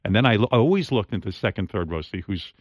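Lively low-voiced male talk show host. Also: racing, no echo, lo-fi sound. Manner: joking, animated storyteller. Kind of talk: casual chat.

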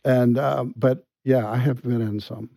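Brief: middle-aged male guest, mellow and halting, dry studio sound. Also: mid-range voice, steady tone, vocal fry, no echo. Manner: halting, full of restarts and quiet asides. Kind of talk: conversational storytelling.

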